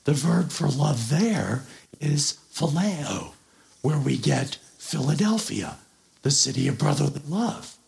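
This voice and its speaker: A male pastor preaching at an unhurried pace, his voice rough with gravelly fry. He teaches earnestly and leans hard on key words. His pitch climbs and falls in a lively way as he unpacks the scripture. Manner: explains and expounds on a scripture passage. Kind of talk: sermon.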